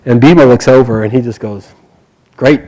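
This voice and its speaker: A man casually retelling an epic story aloud, animated, with quick bursts and hushed quoted lines. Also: medium pitch, rough recording.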